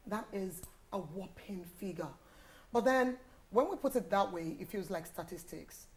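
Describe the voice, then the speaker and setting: A woman's voice: medium pitch, animated, normal speed, darkish tone. A woman hosting a TV panel, introducing and praising her guests effusively. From Nigeria. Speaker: TV show host.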